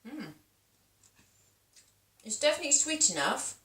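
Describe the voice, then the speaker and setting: A woman's voice: high-pitched, big pitch swings, measured pace, fairly bright tone. Chatty British woman in an echoey kitchen. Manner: chatty, rambling, talks while eating. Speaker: vlogger. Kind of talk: casual home cooking vlog. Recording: echoey room, voice from a distance.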